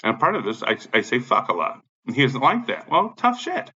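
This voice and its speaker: A man's voice: mid-range voice, big pitch swings, fairly quick, bright, forceful tone, husky. Agitated man ranting with heavy swearing. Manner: agitated, repetitive, swears constantly. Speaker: vlogger. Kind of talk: angry profane rant. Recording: dull lo-fi sound.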